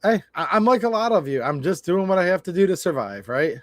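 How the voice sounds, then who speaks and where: A man's voice: high voice, sing-song, brisk, no echo. A man in his forties hosting a livestream, rambling and stammering in a blunt, frustrated way. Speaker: livestream host. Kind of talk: casual livestream rant.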